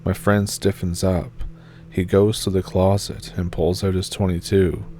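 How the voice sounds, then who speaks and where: Deep, dark-voiced man narrating horror. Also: little pitch movement, unhurried, slight background noise. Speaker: story narrator. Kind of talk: first-person horror story narration.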